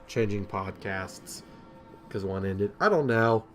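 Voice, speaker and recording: A man's voice: fairly low pitch, slow pace, soft background music. A young man giving casual, self-deprecating commentary over his own gameplay, with lots of ums and rambling asides.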